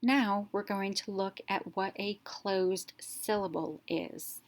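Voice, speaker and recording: A woman teacher narrating a reading lesson, explaining step by step and sounding out letters clearly. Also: mid-range voice, fairly even intonation, slow pace.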